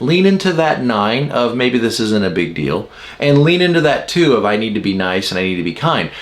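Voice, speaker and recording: A man's voice: mid-range voice, fairly quick. A man giving a casual talk about personality types. He explains patterns with everyday examples and sometimes acts out the people in his stories. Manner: animated storytelling with acted quotes. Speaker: Enneagram teacher.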